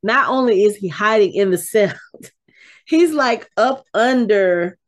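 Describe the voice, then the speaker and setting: A woman co-hosting a podcast, recapping a TV episode in casual, animated chat and getting exasperated as she retells it. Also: mid-range voice, takes it slowly. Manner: animated, exasperated storytelling with frequent restarts. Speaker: podcast co-host.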